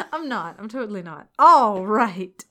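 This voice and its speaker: Recapping a movie on a podcast, a woman co-host speaks slowly in a sharp, medium-pitched voice, very animated. She's punchy and profane, swearing freely and laughing often.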